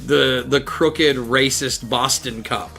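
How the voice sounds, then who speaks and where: A man's voice: mid-range voice, fairly even intonation, takes it slowly, gravelly, over loud music. A young adult man co-hosting a podcast, joking in casual chat and laughing often. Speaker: podcast co-host.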